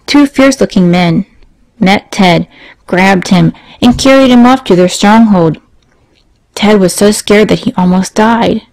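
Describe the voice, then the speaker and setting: A woman's voice: mid-range voice, a little mellow, low-quality recording. Woman reading a children's moral story. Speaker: narrator.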